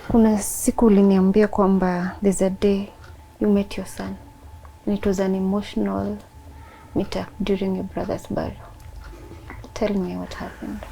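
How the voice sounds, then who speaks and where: A woman with a Kenyan accent, interviewing a guest with calm, steady questions. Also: medium pitch, moderate pace, vocal fry, pauses often, a little hiss or hum, low-quality recording.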